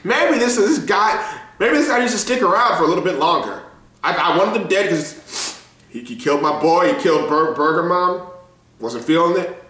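A man giving a casual reaction review, excitable and profane, laughing often as he talks. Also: high voice, normal speed, reverberant. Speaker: show reviewer.

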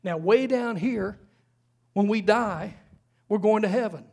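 A man's voice: high voice, unhurried, vocal fry, a little mellow. A man preaching a sermon in a church, conversational, with frequent rhetorical questions. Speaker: pastor. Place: church sanctuary.

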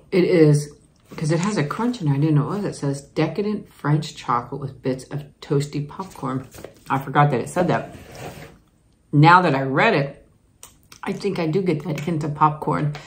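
A woman vlogger taste-testing snacks, chatting casually to viewers, giggling and talking while she chews. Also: deep voice. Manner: chatty, giggly, savoring food aloud while chewing. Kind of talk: casual taste-test chat to camera.

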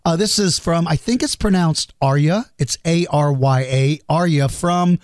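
Podcast host, male, fairly high voice, dry close-mic sound, chatty and earnest, self-deprecating. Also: measured pace, no room sound. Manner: earnest and chatty, explains with simple comparisons; self-deprecating and apologetic over hard names. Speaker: podcast host answering listener questions. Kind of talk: casual podcast Q&A.

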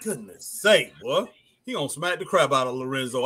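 A man's voice: medium pitch, big pitch swings, normal speed, sharp tone, breathy edge. A man co-hosting a casual wrestling live stream who reads viewer comments aloud and keeps tagging his sentences with "boy" and "man".

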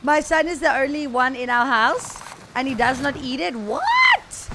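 A woman streaming a shooter game, chatting casually with her viewers and teammates, excitable and laughing often. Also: sits high, a little slow, very noisy.

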